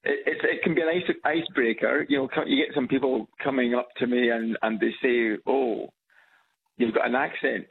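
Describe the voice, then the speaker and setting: A man's voice: medium pitch, fairly even intonation, fairly quick, hardly any pauses, a little hiss or hum. A man with an Edinburgh Scottish accent, calling into a radio show on speakerphone, chatty and hesitant with fillers and repeats. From Scotland. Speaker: radio caller. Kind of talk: casual phone-in chat. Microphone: phone on loudspeaker. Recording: lo-fi phone line.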